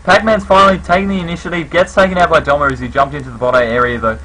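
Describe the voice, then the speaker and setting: Bright-voiced male esports caster. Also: a little high, fairly even intonation, racing, rough recording. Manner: casual, filler-heavy, conversational. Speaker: esports commentator. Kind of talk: live esports play-by-play commentary.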